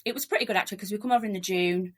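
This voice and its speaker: A middle-aged woman from Leeds with a strong Yorkshire accent, chatting quickly and cheerfully as a podcast guest. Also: mid-range voice, fairly bright tone, breathy edge. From Leeds, West Yorkshire, England. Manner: quick-talking, chatty, laughs often. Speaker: podcast guest, relocation agent. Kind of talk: casual interview chat.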